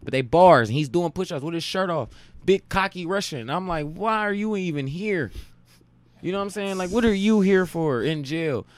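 A man from Cleveland in his late twenties, a podcast guest telling profane, animated stories in a casual chat. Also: fairly high pitch, a little fast, no room sound. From Cleveland, Ohio. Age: late 20s. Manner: profane, animated anecdote-telling with frequent laughs.

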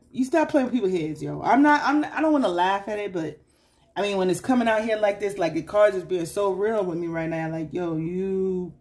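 A woman giving a casual tarot reading to her viewers, chatty and slangy, teasing and scolding the listener and often asking "you know what I'm saying?". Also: medium pitch. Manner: teasing and scolding the listener with sudden loud bursts. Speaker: tarot reader.

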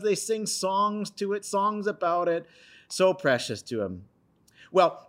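A man preaching an earnest sermon, retelling a scripture story and reading verses aloud with dramatic pauses. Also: high voice. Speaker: pastor.

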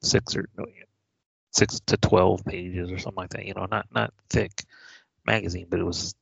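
Male podcast co-host, very deep, husky voice, dry and unhurried. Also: level tone, fairly bright tone, no echo, highs cut off. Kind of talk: casual chat.

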